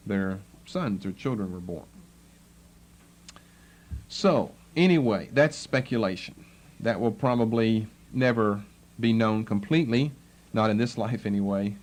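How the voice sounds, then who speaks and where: A man teaching a Bible lesson, explaining the text and acting out the tone of the people he quotes. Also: mid-range voice. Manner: explanatory, acts out the tone of quoted speakers.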